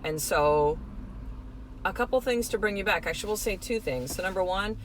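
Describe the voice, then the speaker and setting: A woman's voice: medium pitch, lively intonation, moderate pace, slight background noise, rough recording. A woman podcast host and life coach in a casual motivational talk, earnestly guiding the listener through breathing and affirmations.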